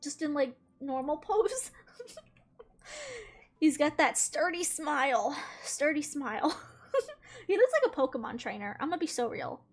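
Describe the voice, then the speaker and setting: A woman with a high, bright voice chats casually on a game live stream. She talks in a loose, rambling way and breaks into giggles often. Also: sing-song, unhurried, long pauses, faint music behind. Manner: giggly, chatty, laughs often.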